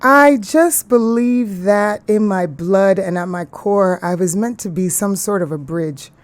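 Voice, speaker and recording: An earnest, animated woman from Ghana speaks in a casual interview. Her voice sits mid-pitch, and the sound is dry and close to the mic. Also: unhurried, no echo. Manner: earnest, animated, laughs easily. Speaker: actress, interview guest.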